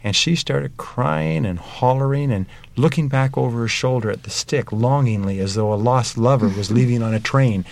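A man's voice: medium pitch, normal speed, creaky, hardly any pauses, a little mellow. A middle-aged man talking earnestly about family values, telling stories from his own home life. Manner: earnest storytelling with examples. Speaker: parenting speaker.

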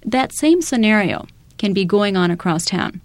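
A woman at a middle pitch, speaking to parents in an explanatory way. Her voice comes through dry and close, and she builds her points from everyday scenes. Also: animated, normal speed, no room sound. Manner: explanatory, with illustrative scenarios. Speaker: parenting educator.

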